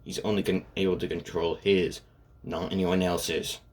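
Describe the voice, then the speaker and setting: A man voicing a calm young male fighter. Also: low voice, moderate pace. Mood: calm advice.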